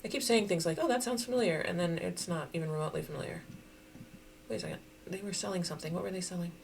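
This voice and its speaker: A woman giving casual, chatty commentary while playing a geography guessing game, thinking out loud and laughing often. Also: on the low side, fairly even intonation, fast talker, vocal fry, slight background noise. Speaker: game streamer.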